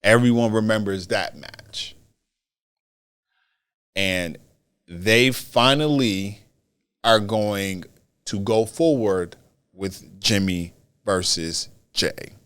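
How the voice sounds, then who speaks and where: Slow-talking man hosting a wrestling podcast. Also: lowish voice, clean tone. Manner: animated, repeats phrases for emphasis. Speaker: podcast host. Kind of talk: solo wrestling commentary podcast.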